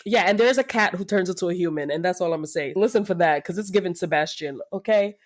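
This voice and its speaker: A woman's voice: lowish voice, fast. A woman co-hosting a podcast, gushing in casual chat and laughing often. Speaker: podcast co-host. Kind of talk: casual book-review chat.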